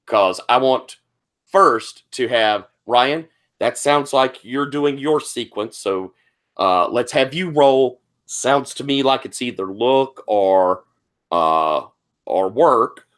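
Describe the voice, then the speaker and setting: A man runs a tabletop wrestling game over a video call. His voice is mid-pitched and easygoing. He keeps the scene moving with steady questions to the players. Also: takes it slowly. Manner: relaxed, guiding players with questions. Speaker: game master.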